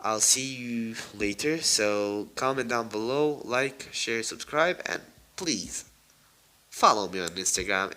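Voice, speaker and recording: A hoarse man narrating a fan story in a rambling, casual way with many fillers. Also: on the low side, takes it slowly, sharp tone. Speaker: storyteller YouTuber.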